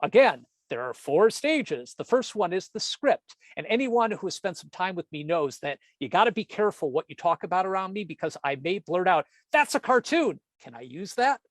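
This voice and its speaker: A man, a comics editor and cartoonist, giving a storytelling presentation with jokey asides and animated self-interruptions. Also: sits high, normal speed, few pauses, dry recording.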